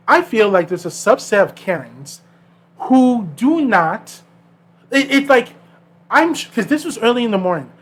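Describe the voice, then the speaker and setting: A podcast co-host with a very high-pitched voice tells stories in casual chat, animatedly acting out the people he quotes. He speaks a little slowly and pauses often.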